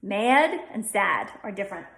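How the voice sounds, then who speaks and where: A woman's voice: mid-range voice, sing-song, unhurried, vocal fry, a bit bright, roomy sound. A woman from Delaware County with a Delco accent, teaching a dialect lesson at a whiteboard and repeating each sound several times. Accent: Delco (Delaware County, Pennsylvania). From Delaware County, Pennsylvania. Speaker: dialect coach.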